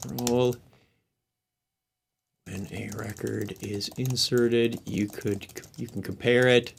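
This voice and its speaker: A man's voice: medium pitch, fairly even intonation, slow pace, vocal fry, a little hiss or hum. A man hosting a live tech stream, thinking aloud and muttering asides as he works through questions, with hiccups. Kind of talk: casual screen-share tech walkthrough.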